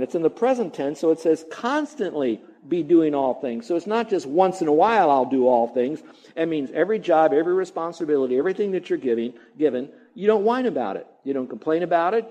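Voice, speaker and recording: A man preaching a sermon in a church, talking conversationally and drawing out key phrases slowly. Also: on the high side, warm tone. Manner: conversational preaching, stretches key words slowly, mutters mock grumbling. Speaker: pastor.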